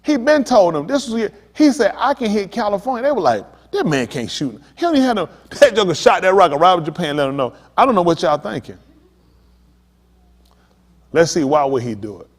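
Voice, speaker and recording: A man's voice: high-pitched, very animated, brisk. Preaching man in a reverberant hall. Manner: emphatic, talks straight to the congregation. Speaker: pastor. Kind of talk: preaching sermon.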